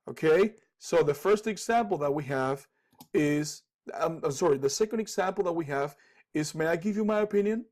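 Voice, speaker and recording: Cuban spanish-accented guy teaching english, kinda high voice, lots of okays and ums, repeats examples. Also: a little mellow. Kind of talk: casual spoken lesson.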